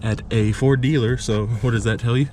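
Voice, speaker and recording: Here the car repair vlogger has a medium-pitched, darkish voice with a steady tone and moderate pace. Sick and breathless, he gives rambling, self-interrupting how-to narration to his action camera while working on his truck, music playing behind him.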